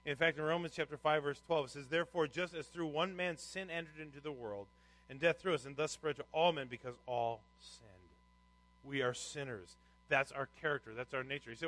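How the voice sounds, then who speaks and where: Guy pastor preaching, bright slightly high voice, dry close sound, gets loud on the verses. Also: a little fast, dry recording, low-quality recording. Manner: preaching with rising emphasis on scripture, conversational anecdotes. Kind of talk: sermon.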